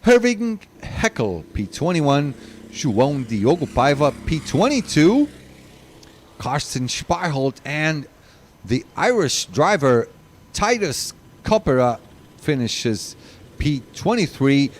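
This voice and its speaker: Guy calling kart races, lively up-and-down voice, slow steady delivery, getting a bit out of breath. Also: a little high, a little hiss or hum. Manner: animated, reads long driver lists, chats to viewers. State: running out of breath. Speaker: race commentator. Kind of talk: live kart race commentary.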